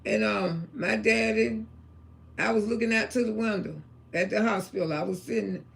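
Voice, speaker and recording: A woman's voice: medium pitch, normal speed, gravelly. A woman, telling blunt, salty family stories on a casual livestream. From Florida, USA. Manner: blunt, salty, talks about God and family. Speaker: livestream host.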